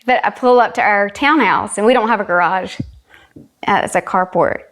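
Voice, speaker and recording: A woman's voice: mid-range voice, moderate pace, fairly bright tone. A woman from South Carolina with a Southern US accent, earnestly telling a personal story as a guest and retelling dialogue. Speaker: guest, country singer.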